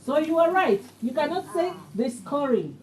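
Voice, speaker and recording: A woman's voice: high voice, very animated, normal speed, echoey room, distant mic, background noise. A woman teaching a beginner English class, patient and questioning, repeating phrases so her learners catch them.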